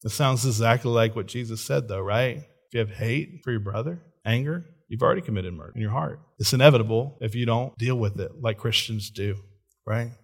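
A middle-aged man preaching a sermon in an animated way, often checking in with "right?" and laughing. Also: mid-range voice, fairly quick. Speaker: pastor.

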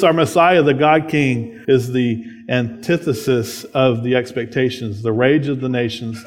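A man preaching a sermon as a pastor, conversational, often checking in with tag questions. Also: medium pitch.

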